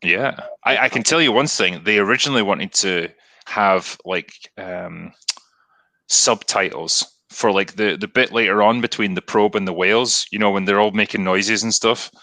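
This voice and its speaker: A Scottish man talks through a film in a relaxed back-and-forth. His voice sits a little low but has a bright, forceful edge. The sound is dry and close, and he slips into quick impressions of the characters. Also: no room sound. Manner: laughs often, acts out quotes. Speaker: podcast host. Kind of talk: casual film discussion.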